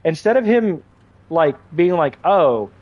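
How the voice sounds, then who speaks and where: A young man ranting while he streams a game. His voice sits fairly high, and his rambling is heated and full of swearing and false starts. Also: animated, moderate pace, lo-fi sound. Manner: heated, profane, rambling rant with many restarts. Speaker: gaming livestreamer. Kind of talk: ranting live-stream commentary while gaming. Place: at home at a game console.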